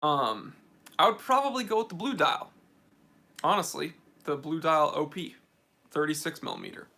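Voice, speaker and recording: A man's voice: on the high side, lively intonation, normal speed, creaky, sharp tone. A man with an American accent hosting a casual livestream Q&A, chatty and opinionated, with many fillers. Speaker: watch channel host.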